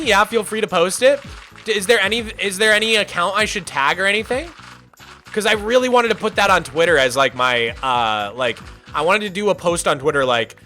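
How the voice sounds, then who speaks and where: A man's voice: sits high, animated, brisk, pushed and bright, faint music behind. A young American man streaming and chatting casually, reading out viewer messages in a rambling way full of "like" and restarts. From United States. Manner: rambling, filler-heavy, often says "like".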